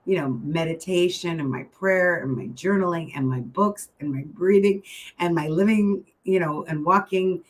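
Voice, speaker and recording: A low-voiced woman, a keynote mindset speaker, gives a casual motivational talk to an online audience at a moderate pace on a rough recording. She's chatty and encouraging, full of asides and filler phrases.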